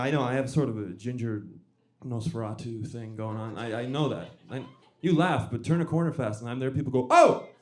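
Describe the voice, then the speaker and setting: A young man doing a stand-up comedy set in a club, with a dry, halting delivery full of restarts and self-deprecating asides. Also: mid-range voice, a little mellow.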